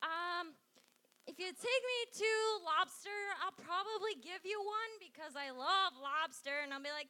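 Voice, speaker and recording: Giggly high-voiced young woman comic. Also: unhurried, pushed and bright. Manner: giggly, self-mocking, rambling. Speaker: stand-up comedian. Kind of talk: improvised stand-up.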